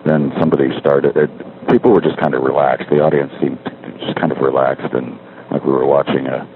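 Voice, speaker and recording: Deep-voiced middle-aged guy talking from a street payphone, wry and meandering, thin phone sound, faint street hiss. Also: steady tone, a little fast. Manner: meandering, self-correcting, wry. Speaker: caller leaving a spoken diary. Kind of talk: rambling casual monologue. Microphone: payphone handset. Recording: tinny payphone line with faint street noise.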